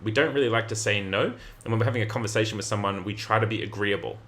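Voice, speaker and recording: A young adult man, giving energetic, emphatic communication advice straight to camera. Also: lowish voice, very fast. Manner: energetic, emphatic, plays out example phrases. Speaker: communication coach. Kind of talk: direct-to-camera advice talk.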